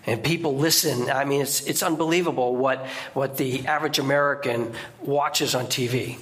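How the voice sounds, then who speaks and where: A man preaching a sermon as a guest preacher in a church, in a conversational way with sudden emphatic rises in pitch. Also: steady tone, normal speed, fairly bright tone.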